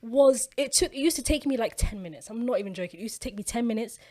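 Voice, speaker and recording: A woman's voice: on the high side, fast talker. Young woman telling a candid story. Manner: candid storytelling, slangy and animated. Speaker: podcast co-host. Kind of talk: casual chat.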